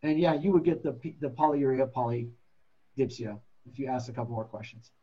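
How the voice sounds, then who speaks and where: A man's voice: mid-range voice, normal speed, slightly rough, muffled recording. A man teaching paramedics in a classroom lecture, blunt and joking, acting out patient stories. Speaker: paramedic instructor.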